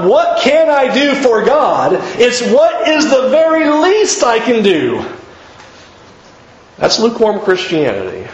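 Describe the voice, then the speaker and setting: A man preaching a sermon in an earnest, emphatic way, pushing his pitch up to stress his points. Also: echoey room, muffled recording, a little hiss or hum.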